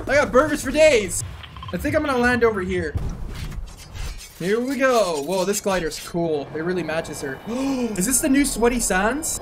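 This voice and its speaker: A man hosting his own gaming channel, giving excitable let's-play commentary and whooping and yelling as he plays. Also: high-pitched, noisy background.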